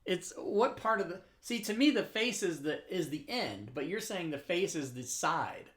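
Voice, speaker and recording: With a high-pitched, lively voice and a fairly bright tone, this streamer runs a tabletop game from home at a moderate pace. His chat is loose and self-deprecating with plenty of swearing, and he repeatedly moves away from his desk microphone.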